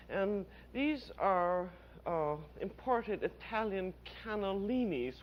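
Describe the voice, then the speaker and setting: An older woman hosting a cooking demonstration on an old television show, with a warbling, sing-song delivery. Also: medium pitch. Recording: dull lo-fi old television audio.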